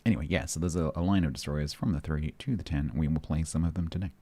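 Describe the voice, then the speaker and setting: A man's voice: rumbling low, fast, warm tone. A man streaming a game, chatting casually with his chat and reading update notes aloud, breaking off to joke and answer questions.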